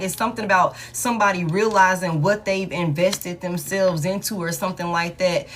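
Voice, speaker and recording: A woman's voice: medium pitch, slight background noise. A woman, chatting casually to her viewers as she reads tarot cards aloud in a live stream. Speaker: tarot reader.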